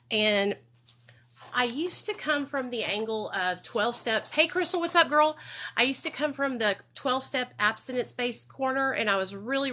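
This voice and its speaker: A woman's voice: mid-range voice, bright, forceful tone. A woman from Arkansas, hosting a casual livestream about addiction recovery and talking straight to her viewers. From Arkansas, USA. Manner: chatty, talks straight to viewers with frequent "okay?". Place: home room with children nearby.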